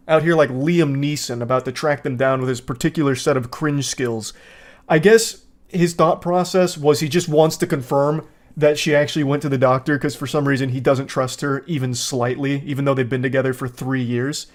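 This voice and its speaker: A man's voice: mid-range voice, brisk. A man doing reaction commentary as a show host. He reads text messages aloud and mocks them, sounding exasperated and profane.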